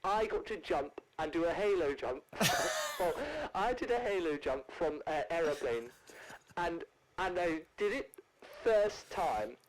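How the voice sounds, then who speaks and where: A man's voice: high voice, measured pace, pauses often, a little hiss or hum, voice pushed up, rough recording. A man doing a posh grande dame actress. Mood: grandly theatrical. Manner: plummy, drawling, calls people darling and dear. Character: posh older English actress, grand and theatrical. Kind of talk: comedic celebrity impression.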